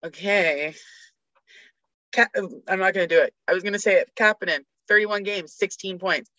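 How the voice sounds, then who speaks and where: A woman's voice: medium pitch, moderate pace, sharp tone, no room sound. A woman talking sports as a podcast guest, ranting with energy and reeling off statistics. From Canada. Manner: fired-up ranting, rattling off stats. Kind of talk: casual sports chat. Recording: dull lo-fi dry recording.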